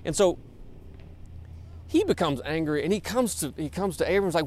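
A man's voice: fairly high pitch, animated, normal speed, long pauses, darkish tone. A man, a pastor, preaching a sermon in a conversational, informal way, with many fillers and repeated words.

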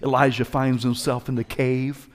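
A male preacher giving a passionate sermon, calling out to his congregation and swinging between loud exhortation and quiet, hushed moments. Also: medium pitch, level tone, moderate pace. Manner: passionate, call-and-response, swings from shouts to hushed.

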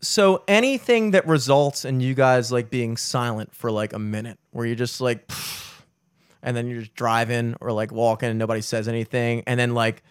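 A young man hosting a podcast, telling stories in a rambling, animated way with plenty of swearing. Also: mid-range voice, normal speed, hardly any pauses, clean tone, no room sound, studio quality. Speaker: podcast host. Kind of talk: casual chat.

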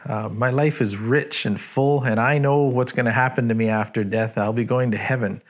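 A man voicing a kind old retired pastor who speaks gently and selflessly. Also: medium pitch, steady tone, normal speed, close to an everyday voice. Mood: tender. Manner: gentle, self-giving.

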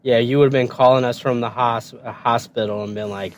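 A man's voice: brisk, a little hiss or hum. A middle-aged father co-hosting a podcast, chatting casually and laughing often. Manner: laughs often, expressive pitch. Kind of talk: casual chat.

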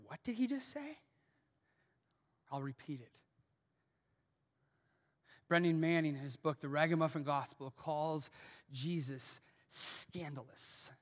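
A man preaching a sermon as pastor in a church, swinging from hushed lines to shouted peaks. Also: on the high side, in a large hall. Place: church auditorium.

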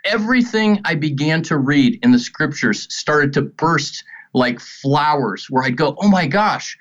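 A man's voice: fairly high pitch, a little slow. Earnest middle-aged man, dull lo-fi sound. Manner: earnest, storytelling, animated quotes. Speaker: ministry leader. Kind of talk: conversational Christian teaching.

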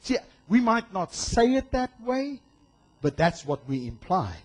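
A male pastor preaching a sermon in an animated way, acting out voices and shouting for emphasis. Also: sits high, a little slow.

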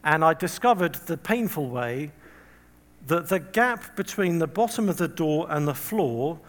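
Guy preaching a sermon, kinda high voice, funny chatty storytelling. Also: expressive, unhurried, in a large hall. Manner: humorous storytelling with self-deprecating asides; conversational, acts out quoted voices.

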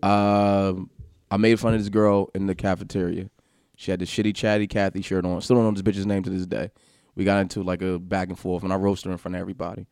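Low-voiced man telling a wild story. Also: fast, clear, resonant tone, dry recording. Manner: animated, laughing, swearing, acts out quotes. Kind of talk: casual storytelling.

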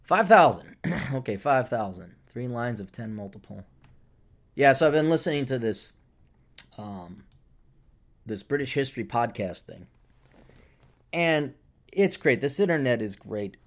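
A man hosting a casual solo podcast, ranting sarcastically, swearing casually and mocking others in high put-on voices. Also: lively intonation, unhurried, pauses often. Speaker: podcast host.

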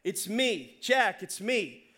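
A man voicing God in a sermon story, speaking calmly, steadily and firmly. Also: high-pitched, slow, heavily acted. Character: calm, patient God speaking from above.

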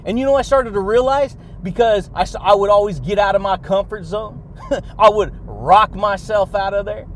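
A man hosting a motivational podcast, hyped and energetic, laughing between phrases and calling his listeners buddy and baby. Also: high-pitched, normal speed, a little hiss or hum. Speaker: podcast host. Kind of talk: motivational monologue.

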